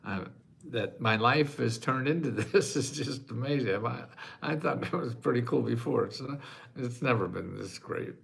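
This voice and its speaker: Laughing, gravelly man in his eighties. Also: medium pitch, moderate pace. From United States. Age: 80s. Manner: self-mocking, laughs often, emotional. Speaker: host answering viewer questions. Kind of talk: casual livestream chat.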